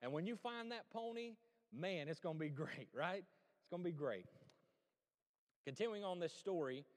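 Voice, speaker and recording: A man's voice: high-pitched, moderate pace, big-room sound. A male pastor preaching a sermon, telling a story and asking his listeners questions. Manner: storytelling, animated, asks the crowd questions. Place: church sanctuary.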